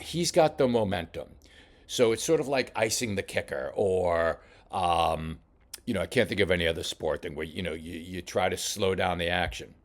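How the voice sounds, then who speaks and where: A man coaching a boxer while reviewing fight footage, talking casually with many halting restarts. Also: lowish voice, fairly bright tone. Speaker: boxing coach. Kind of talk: film study commentary.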